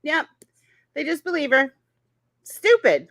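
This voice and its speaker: A woman's voice: a little high, big pitch swings, moderate pace, fairly bright tone, dry recording. Blunt mocky woman co-host, voice all over the place, dry close sound. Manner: blunt, mocking, laughs often. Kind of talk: casual commentary chat.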